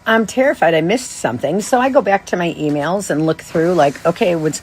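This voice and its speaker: A woman in her thirties, a podcast host, telling a rambling, animated story with many restarts and asides. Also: lowish voice, fairly quick, a little hiss or hum. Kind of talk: casual storytelling monologue.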